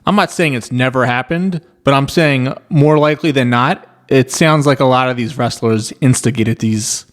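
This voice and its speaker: A man speaks in a middle-pitched voice in a reaction commentary. He sounds skeptical and walks through long hypothetical scenarios to make his argument. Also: moderate pace.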